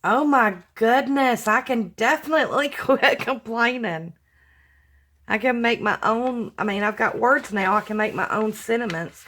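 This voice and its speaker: A middle-aged woman with a drawl talks slowly and effusively, as if chatting with friends. She sighs and gushes with warm emotion while opening packages, and paper crinkles in the background. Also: fairly high pitch. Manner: gushing, effusive, sighing with emotion. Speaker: crafting vlogger opening fan mail. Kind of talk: casual unboxing chat to viewers.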